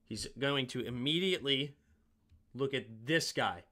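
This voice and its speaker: A man's voice: medium pitch, unhurried, pushed and bright. A man hosting a sports show, casually breaking down game film and thinking aloud with self-mocking asides.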